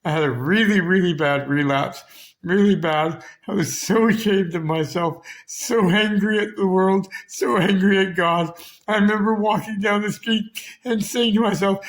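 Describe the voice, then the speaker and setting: A man's voice: sits high, normal speed. A Canadian man tells his own story straight to the camera. His speech is raw and profane, and it carries heavy emotion. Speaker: vlogger. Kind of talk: personal storytelling.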